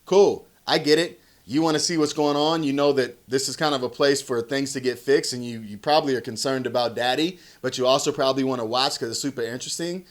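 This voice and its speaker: A man in his thirties talking casually about parenting, relaxed and conversational, acting out quoted lines. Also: medium pitch, quick pace, few pauses. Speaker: parenting vlogger. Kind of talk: casual talk to camera.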